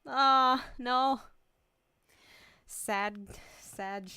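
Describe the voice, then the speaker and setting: A woman's voice: a little high, drawn-out words, bright, forceful tone, clean tone, dry recording. A woman streamer chatting casually on a livestream, emotional and close to tears, laughing often and swearing freely. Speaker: VTuber streamer.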